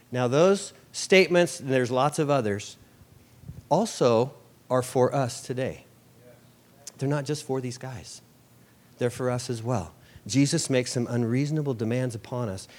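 A man preaching a sermon in a conversational way, with rhetorical questions and wry asides. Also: medium pitch.

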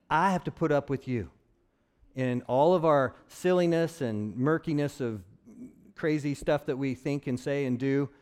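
Male pastor, mid-pitched voice, easygoing conversational sermon with jokes. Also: darkish tone. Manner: conversational, joking asides.

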